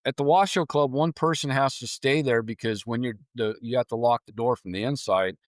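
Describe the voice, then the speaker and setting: Animated storytelling man, dry sound. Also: mid-range voice, fairly quick, dry recording. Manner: animated storyteller, acts out his own reactions. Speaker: paranormal investigator guest. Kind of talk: casual storytelling on a podcast.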